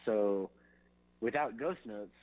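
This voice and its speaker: A man's voice: fairly low pitch, slow pace, darkish tone, low-quality recording. A man, a drummer being interviewed, talking in a loose, rambling way full of fillers, sometimes singing drum beats with his mouth. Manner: loose and rambling, fills with "like" and "you know". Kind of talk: casual interview chat.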